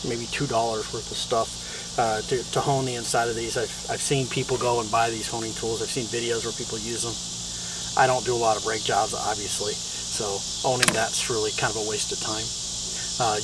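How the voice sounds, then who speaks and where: A man hosting a do-it-yourself video, explaining a repair outdoors in a relaxed, plain-spoken way with fillers. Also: mid-range voice, far from the mic, background noise. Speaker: DIY video host. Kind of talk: casual how-to explanation. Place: outdoors on a hot evening.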